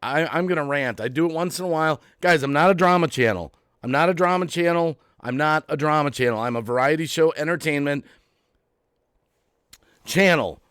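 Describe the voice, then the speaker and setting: An agitated man rants on his live stream, his voice sitting a little high for a man. He repeats himself and swings from low mutters to loud outbursts. The sound is dry and close, with no room in it. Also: clear, resonant tone, no room sound. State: agitated, heart racing. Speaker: YouTube channel host. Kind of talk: emotional live-stream rant.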